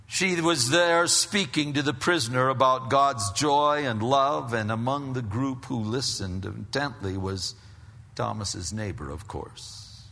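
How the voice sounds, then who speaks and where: Male preacher, slow and deliberate, bright forceful tone, long hall reverb, storytelling sermon with emphatic rises. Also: medium pitch.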